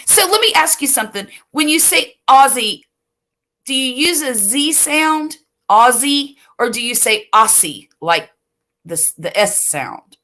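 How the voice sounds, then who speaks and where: Slow, bright-voiced older woman chatting. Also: sits high, sing-song. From US Gulf Coast. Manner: slow, rambling and chatty, laughs easily. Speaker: late-night livestream host. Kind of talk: casual chat reading viewer comments. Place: home at night.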